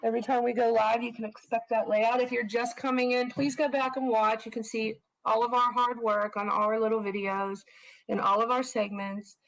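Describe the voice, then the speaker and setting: A woman co-hosting a live stream, telling frank, animated personal stories and swearing for emphasis. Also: a little high, normal speed, gravelly, rough recording. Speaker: co-host of a live stream channel. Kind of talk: casual storytelling on a live stream.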